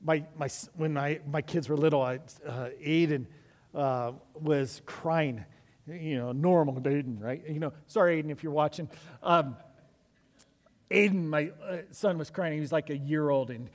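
A man's voice: fairly high pitch, moderate pace. A middle-aged man preaching a sermon as pastor, telling stories in a conversational way with frequent restarts. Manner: conversational storytelling with many restarts. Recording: long echo of a large hall.

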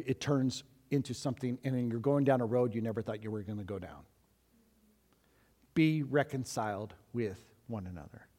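A male pastor preaching a sermon to his congregation, animated and acting out the voices of the people he quotes, with chuckling asides. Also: medium pitch, in a large hall. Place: church.

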